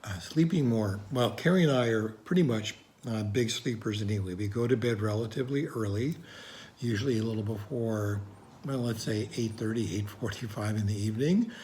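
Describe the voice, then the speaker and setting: Easygoing lower-voiced man co-host. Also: moderate pace, a little mellow, slight background noise. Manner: easygoing, dry jokes, frequent uhs. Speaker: podcast co-host. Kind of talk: casual podcast chat.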